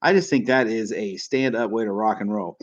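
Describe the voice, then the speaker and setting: A man's voice: lowish voice, brisk, lo-fi sound. A man hosting a live stream about the car business, talking in a blunt, folksy, casual way with some cursing.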